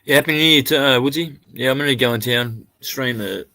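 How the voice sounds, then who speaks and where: A man's voice: medium pitch, brisk, bright, forceful tone, no room sound. An Australian man chatting casually on a live stream, rambling and laid-back, swearing now and then.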